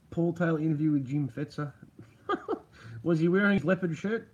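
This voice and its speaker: A slightly high-voiced man rambles through a casual livestream chat. His voice is husky, and he swears freely while circling back and restarting his thoughts. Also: moderate pace, pauses often, a little mellow, dull audio. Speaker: livestream host reading chat. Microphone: computer mic.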